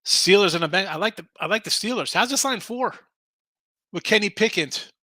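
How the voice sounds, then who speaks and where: Animated sports betting host, bright voice. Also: male voice, sits high, fairly quick, no room sound. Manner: animated, argumentative, reads chat comments aloud. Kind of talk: casual sports betting chat.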